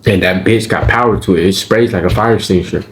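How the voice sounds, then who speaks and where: There's slight background noise as a low-pitched man rushes through his prison story. His speech is fast, casual and full of street profanity, and he keeps asking "right?" and "you feel me?" to check in with whoever's listening.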